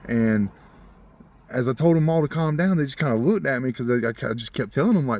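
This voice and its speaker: A man telling a personal story in a rambling, earnest way, chuckling often and growing animated when he talks about faith. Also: medium pitch, a little fast, no echo. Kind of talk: casual storytelling.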